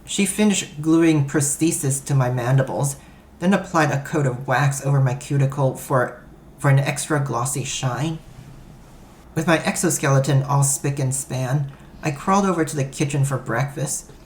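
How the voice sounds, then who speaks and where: A man's voice: medium pitch, normal speed, slight background noise. Man, first-person story narrator, matter-of-fact, echoey room. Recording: roomy echo.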